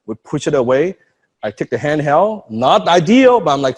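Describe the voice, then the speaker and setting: A man talks through public speaking tips in a relaxed conversation, animated and blunt. His voice swoops up and down a great deal and sits a little high. It has a husky edge, and he acts out little scenes as he goes. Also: normal speed. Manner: animated, profane, demonstrates with acted asides. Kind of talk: casual coaching chat.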